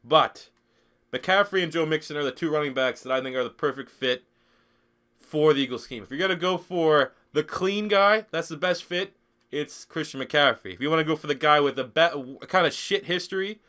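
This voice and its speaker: A young Canadian man who is sick, streaming a football video game live, clearing his throat, swearing and rambling through chat questions. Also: a little high, moderate pace, bright, forceful tone. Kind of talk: live-stream gaming commentary.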